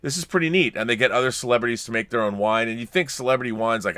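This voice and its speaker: Bright-voiced man rambling through a podcast. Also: medium pitch, lively intonation, rapid-fire, clear, resonant tone, no room sound. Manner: rambling, restarts, reads letters aloud. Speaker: podcast co-host. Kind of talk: casual chat, reading viewer comments.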